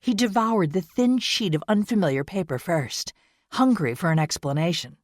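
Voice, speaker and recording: A woman narrating a historical romance audiobook in a measured, expressive manner. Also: on the low side, dry recording, studio quality. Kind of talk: scripted narration.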